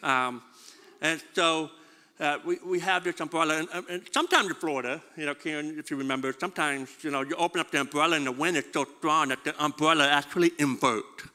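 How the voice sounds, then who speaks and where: A man's voice: a little high, fairly even intonation, brisk, bright, forceful tone, in a large hall. A man preaching a sermon, stumbling over repeated words and asking his congregation questions. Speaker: pastor.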